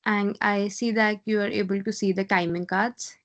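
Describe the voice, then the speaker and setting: A woman hosting an online club meeting over a video call, making brisk, upbeat introductions. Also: medium pitch, steady tone, a bit bright, muffled recording.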